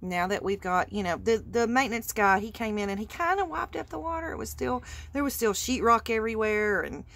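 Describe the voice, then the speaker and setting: A woman's voice: a little high, brisk, creaky. A woman, hosting a craft vlog, chatting casually and rambling through a story with laughs. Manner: animated, rambling, laughs while telling. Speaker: craft channel host.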